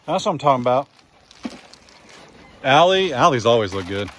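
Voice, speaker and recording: A man's voice: medium pitch, big pitch swings, normal speed, long pauses, fairly bright tone, slight background noise. A man vlogging casually outdoors on his farm, chatting folksily and talking to his animals. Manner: folksy, talks to the animals in a singsong voice. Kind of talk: casual farm vlog narration.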